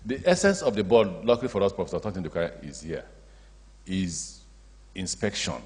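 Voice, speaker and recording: A man's voice: sits low, normal speed. Nigerian man speaking in a large hall. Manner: storytelling, acts out dialogue, animated asides. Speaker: state governor giving a speech. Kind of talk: public speech with anecdotes. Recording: long hall reverb.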